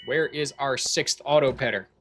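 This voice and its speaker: A male streamer chatting casually over his gameplay, goofy and rambling and quick to poke fun at himself. His voice sits at a middling pitch, with a faint hiss of noise behind it. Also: fairly bright tone. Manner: goofy, self-deprecating, rambling. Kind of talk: casual livestream chat while gaming.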